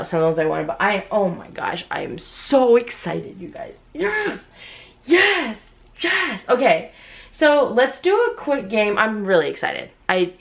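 A young woman vlogging at home, chatting to her viewers as she opens mystery boxes and bursting into excited squeals. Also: fairly low pitch, vocal fry. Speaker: unboxing vlogger. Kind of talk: casual unboxing commentary. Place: at home indoors with others asleep.

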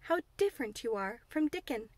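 A woman's voice: fairly high pitch, lively intonation, normal speed. A woman voicing a blunt, curious little girl who tells things earnestly and eagerly. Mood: telling.

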